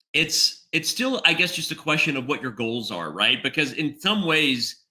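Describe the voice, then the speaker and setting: Man, middle-aged, podcast guest, casual chat, thinking aloud, very bright tense tone. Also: a little high, big pitch swings, unhurried. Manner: thinks aloud, tags points with "right?". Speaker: podcast guest, chess executive.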